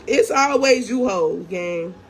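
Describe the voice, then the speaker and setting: A woman's voice: medium pitch, animated, slow, slightly rough. A young woman in an angry storytime rant, profane and confrontational, talking straight to her viewers. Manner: calls viewers "gang", talks straight to them. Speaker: vlogger.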